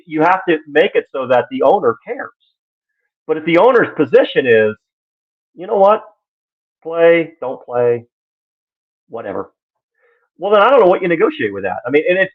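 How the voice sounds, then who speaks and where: A man's voice: fairly high pitch, slightly rough. Exasperated man on a tinny line. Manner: animated and exasperated, acts out quoted voices. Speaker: sports commentator. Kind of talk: casual live-stream commentary.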